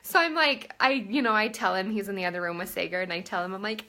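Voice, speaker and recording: Talking fast in a bright, forceful, medium-pitched voice, a woman in her thirties live-streams a casual chat from her home room. She rambles, fills her speech with fillers, and holds her phone at arm's length.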